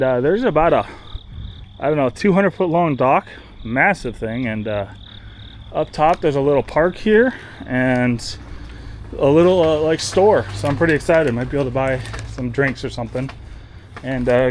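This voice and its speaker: Easygoing man vlogging outdoors. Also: medium pitch. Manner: easygoing, rambling with fillers. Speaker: kayaking vlogger. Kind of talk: casual outdoor vlog narration. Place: outdoors on a river island and kayak. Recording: faint outdoor noise.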